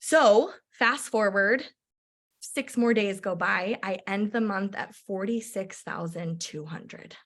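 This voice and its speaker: A woman, a direct-sales entrepreneur, telling a personal story in a chatty, animated way with lots of filler words. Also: mid-range voice, slow pace.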